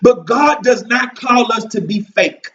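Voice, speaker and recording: A man minister preaching a Bible study sermon, emphatic and repetitive, with his voice rising into shouts. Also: very high voice, animated, measured pace, far from the mic, lo-fi sound.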